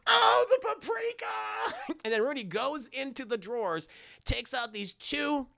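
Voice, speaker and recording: A streamer casually retelling a story to chat, profane and animated, laughing often. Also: mid-range voice, moderate pace, vocal fry. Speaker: streamer recapping a film.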